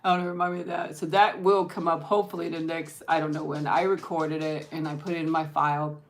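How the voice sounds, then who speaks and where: A woman with a notably low voice hosts a casual lunch stream and talks straight to her viewers. She rambles from one thought to the next, often breaking off and starting her sentences again. She keeps stopping to thank people in the chat by name. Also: level tone, quick pace. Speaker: vlogger hosting an eat-with-me stream.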